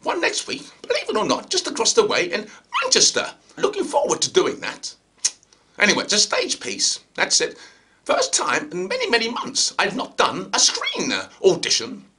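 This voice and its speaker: A British actor with a received pronunciation accent talks chattily to camera. His delivery is theatrical, his pitch swings a great deal, and his tone is bright and forceful. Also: wildly swooping pitch, moderate pace. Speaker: actor, channel host. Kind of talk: comic monologue.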